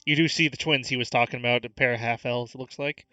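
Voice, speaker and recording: A man narrating as game master, casual and halting, often laughing. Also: mid-range voice, steady tone, pushed and bright, dry recording, lo-fi sound.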